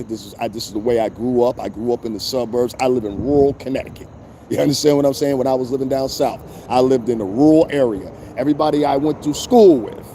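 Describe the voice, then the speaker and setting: A man's voice: mid-range voice, warm tone, a little hiss or hum. A man hosting a show, ranting in blunt, profane commentary with rhetorical asides to his listeners. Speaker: show host. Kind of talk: unscripted commentary rant.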